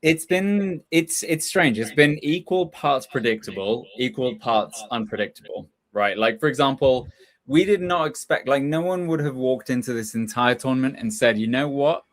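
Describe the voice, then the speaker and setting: Bloke joking around on a podcast, mid pitch, laid back. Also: male voice, lively intonation, normal speed. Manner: jokey, offhand. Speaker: podcast co-host. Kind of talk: casual chat.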